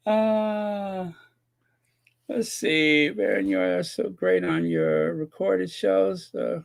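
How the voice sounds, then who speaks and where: Male streamer with a slightly high voice, chatting casually and sarcastically with his viewers. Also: big pitch swings, slow, vocal fry. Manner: joking, sarcastic, laughs often, repeats himself. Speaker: host of a royal commentary channel. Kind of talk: casual live-stream chat reading comments.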